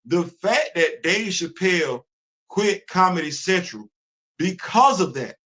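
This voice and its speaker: A man's voice: high voice, animated, a little slow, pushed and bright. A man hosting a casual livestream, talking emphatically and repeating himself as he drives his points home. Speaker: host.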